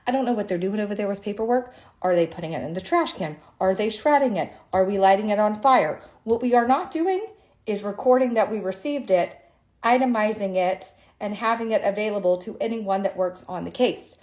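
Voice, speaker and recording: A woman's voice: mid-range voice, animated, brisk, darkish tone. A woman tax attorney, tired after a long day, telling a frustrating story to camera in an exasperated, sarcastic, emphatic rant. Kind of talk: ranting story monologue to camera.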